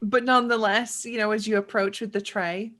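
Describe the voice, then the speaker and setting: A woman's voice: mid-range voice, fairly even intonation, a little fast, fairly bright tone. A woman narrating a tabletop game as game master, chatty, with frequent fillers and laughs.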